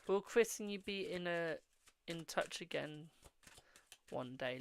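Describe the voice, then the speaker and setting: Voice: medium pitch, slow, gravelly, a little hiss or hum. A host reading tarot on a live stream, answering viewers' questions, calling them "my darling" and murmuring while drawing cards. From England.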